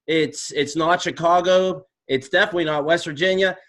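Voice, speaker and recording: A man's voice: on the high side, steady tone, normal speed, a bit bright. A man from the Pittsburgh area, a guest in a casual, tipsy chat, talking hesitantly with wry remarks. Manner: hesitant, many fillers and restarts, wry.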